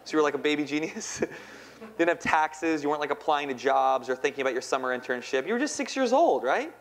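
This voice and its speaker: A man in his thirties tells a personal story to a live audience in a fairly high voice. He is playful and chatty, and keeps asking the crowd questions. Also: animated, brisk. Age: 30s. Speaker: poet and speaker. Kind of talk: spoken-word storytelling talk.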